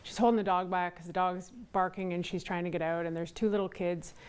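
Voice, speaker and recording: A woman's voice: fairly low pitch, steady tone, a little fast, smooth. A woman candidate in a television studio, telling a doorstep story and making a persuasive campaign closing statement. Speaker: election candidate.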